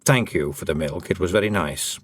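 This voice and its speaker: A man's voice: low-pitched, fairly quick, soft background music, pitched below the performer's own voice. A man voicing a male talking toad that frets aloud in rambling, musing questions.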